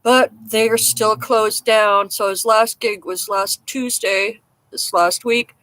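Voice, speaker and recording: A woman's voice: on the high side, steady tone, slow, a bit bright. Rambling, self-mocking woman chatting outdoors. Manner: rambling, frank, self-mocking, chuckles often. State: coughing now and then. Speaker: livestream host chatting with viewers. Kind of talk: casual live-stream chat. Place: outdoors in a damp garden.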